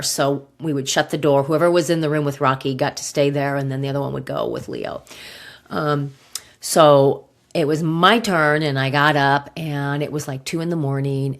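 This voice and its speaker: Low-voiced woman podcast host, near tears. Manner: emotional, halting, with sighs and pauses. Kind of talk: personal storytelling.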